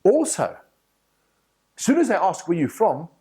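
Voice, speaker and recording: A man with a South African accent lectures on professional speaking, confiding and direct. His voice sits a touch high and swings widely as he tells his stories with animation. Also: sing-song, measured pace, mellow, slightly rough. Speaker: motivational speaker.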